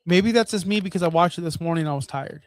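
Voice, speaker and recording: A man's voice: a little high, quick pace, dry recording. A man co-hosting a wrestling podcast, laid-back and joking, swearing and calling people brother. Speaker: podcast co-host. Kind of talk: casual wrestling podcast chat.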